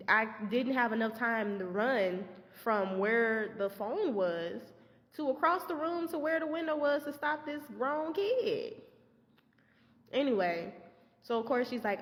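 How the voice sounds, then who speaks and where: A young woman, a substitute teacher, tells a story in a casual, animated way and swears freely. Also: fairly high pitch, long reverb tail.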